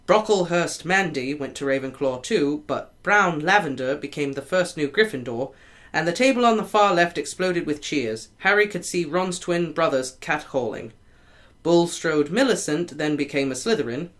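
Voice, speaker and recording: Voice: medium pitch, animated, normal speed, fairly bright tone. An amateur reader works through a novel chapter aloud in an easy, unpolished way. Now and then a word slips and gets corrected on the spot. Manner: casual reading with stumbles and self-corrections.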